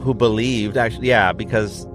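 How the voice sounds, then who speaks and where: Over background music, a podcast co-host tells a ghost legend in a relaxed, chatty way, filling it with "right?" and "like." He speaks on the low side at a moderate pace, with fairly even intonation.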